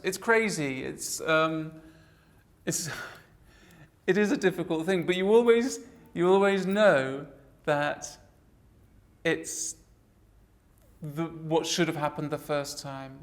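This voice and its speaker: A woman in her forties, an actress in an interview, speaking earnestly and reflectively with frequent halting restarts. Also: on the low side. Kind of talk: personal interview storytelling.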